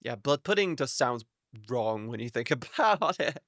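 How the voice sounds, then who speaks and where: Man, live streamer, casual rambling chat, bright sharp tone, dry close sound. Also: medium pitch, very animated, a little slow, no room sound. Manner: rambling and chatty, swears casually, talks to chat.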